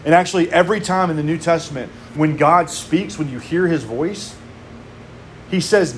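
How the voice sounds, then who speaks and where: Conversational pastor, slightly high voice. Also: male voice, normal speed, a little hiss or hum. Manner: conversational, casual asides with frequent "like". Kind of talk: sermon.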